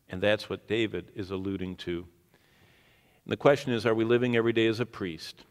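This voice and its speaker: A male pastor preaching an evening sermon. He gets animated and rises to near-shouts for emphasis, and he acts out the quotes he tells. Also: lowish voice. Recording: long hall reverb.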